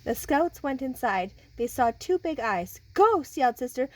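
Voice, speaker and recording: A woman's voice: sits high, measured pace, a little hiss or hum, low-quality recording. A woman reading a children's picture book aloud and chatting with the kids who listen. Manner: animated, talks with listening children. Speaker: storybook reader.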